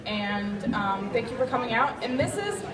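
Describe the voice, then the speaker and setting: A woman giving short, halting introductory remarks for a patient association at an event. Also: on the high side, lively intonation. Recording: echoey hall, distant mic, crowd.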